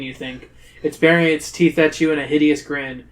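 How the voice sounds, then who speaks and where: A man's voice: on the high side, steady tone, normal speed. A man hosting a podcast who reads a choose-your-path adventure book aloud to friends, with dramatic, playful emphasis. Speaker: podcast host reading a gamebook aloud. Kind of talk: reading a gamebook aloud on a comedy podcast.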